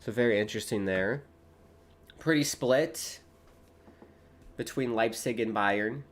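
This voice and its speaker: A man's voice: fairly low pitch, slow. Chatty male streamer calling a match live. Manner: chatty, rises excitedly on play-by-play, talks to chat. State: early-morning voice. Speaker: watchalong streamer host. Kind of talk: casual live match commentary.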